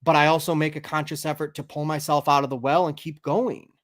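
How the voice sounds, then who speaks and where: Brief: male podcast host, animated and profane, higher-pitched voice, casual chat. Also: a little fast. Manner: animated, swears freely, rises high when excited.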